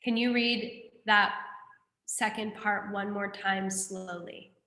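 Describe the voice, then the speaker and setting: A woman leads a class through a Buddhist text, explaining it in a lively, conversational manner and asking her students questions. Her voice sits at a medium pitch, she proceeds slowly, and the room is echoey.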